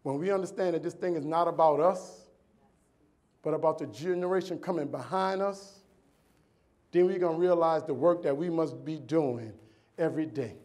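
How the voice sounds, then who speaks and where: A man's voice: on the high side, normal speed. A man, giving a rhythmic, preacherly motivational speech on a convention stage. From New Orleans, US. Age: 40s. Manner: preacherly, rhythmic lists, voice swings from loud to hushed. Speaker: keynote speaker.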